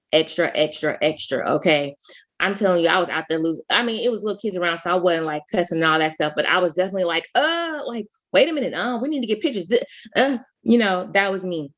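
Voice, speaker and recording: A woman co-hosting a podcast, chatting casually and telling stories animatedly, with sudden jumps in pitch and frequent restarts. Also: fairly bright tone. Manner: talks fast, full of restarts. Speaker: podcast co-host. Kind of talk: casual chat.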